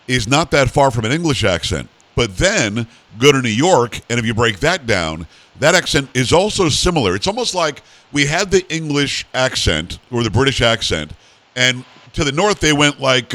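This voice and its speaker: A man's voice: mid-range voice, fairly bright tone, no echo. A man hosting a talk-radio show, leading his guest along with plain, conversational questions. His voice sits in a middle register, and the sound is dry and close.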